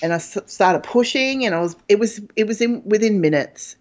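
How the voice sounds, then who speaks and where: A woman's voice: mid-range voice, expressive, moderate pace, a little mellow. A woman guest telling a personal story in a frank, chatty way, with plenty of fillers. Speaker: interview guest. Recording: dull lo-fi audio.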